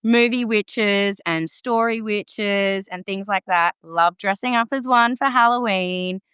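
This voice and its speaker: A woman's voice: medium pitch, slow, fairly bright tone, smooth, no echo, clean studio sound. A woman guest on a podcast, talking in casual chat, confident, emphatic and playful. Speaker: podcast guest, green witch.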